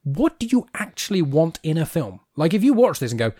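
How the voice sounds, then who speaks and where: A British man co-hosting a podcast, chatting casually about a film in an animated, rambling way and laughing easily. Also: a little high, a little fast, breathy edge, dry recording, clean studio sound. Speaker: podcast co-host.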